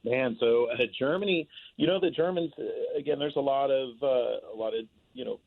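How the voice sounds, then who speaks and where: A man's voice: mid-range voice, normal speed, gravelly. Talkative man on a tinny phone line. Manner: talkative, rambling with many fillers. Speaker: guest. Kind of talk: casual interview chat.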